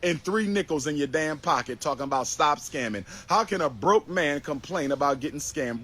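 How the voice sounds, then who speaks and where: A man's voice: on the high side, animated, normal speed, hardly any pauses, sharp tone. A man ranting on a livestream in a mocking, repetitive way. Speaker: livestream talker. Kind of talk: livestream rant.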